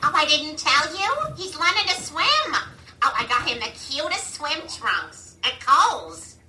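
A woman's voice: sits high, sing-song, a little slow, pushed and bright, a little hiss or hum, heavily acted. A woman voicing a chatty suburban cartoon mother, gossiping bubbly on the phone. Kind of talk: animated sitcom voice acting. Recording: echoey, distant clip played in a room.

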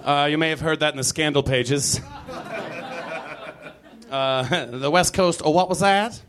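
Wry, high-voiced male stand-up comic. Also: a little slow, crowd noise. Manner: rambling, wry, self-deprecating. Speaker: stand-up comedian. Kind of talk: stand-up comedy set. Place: comedy club stage. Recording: live club with audience laughter.

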